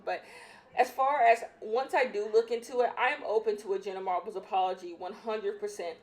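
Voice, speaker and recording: A young woman hosting a casual solo podcast, opinionated and emphatic, repeating her points, a bit out of breath. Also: mid-range voice. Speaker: podcast host.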